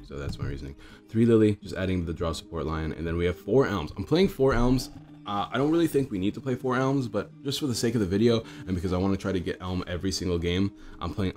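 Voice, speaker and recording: A young man with a hoarse, groggy voice, chatting casually while commentating a card game he is playing. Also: low voice, a little mellow. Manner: chatty, thinks aloud with fillers.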